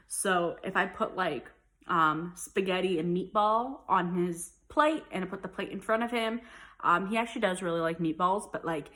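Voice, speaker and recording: Chatty young mom vlogging. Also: female voice, fairly low pitch, unhurried, a bit bright. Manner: chatty and rambling, many likes and ums. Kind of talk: casual chat.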